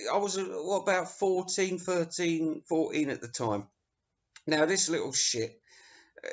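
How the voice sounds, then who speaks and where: A middle-aged man from England, telling rambling, sweary anecdotes as a music reviewer. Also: a little high. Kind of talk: casual storytelling. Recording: dull lo-fi recording.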